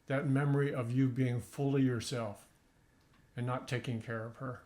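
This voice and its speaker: Gentle, encouraging male acting coach. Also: medium pitch, steady tone, normal speed. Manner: gentle, encouraging, probing questions. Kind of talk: coaching feedback in acting class.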